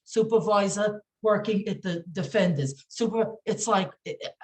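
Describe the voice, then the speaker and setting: A woman speaking as a podcast guest, indignant and emphatic, with halting speech full of fillers, restarts and repeated phrases. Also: mid-range voice, a little mellow. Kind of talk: emotional podcast interview.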